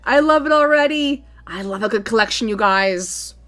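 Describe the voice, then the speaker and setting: A young woman gaming YouTuber narrating her farming game run, gushing and excitable with frequent gasps. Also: on the high side, moderate pace, faint music behind. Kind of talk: gameplay commentary and narration.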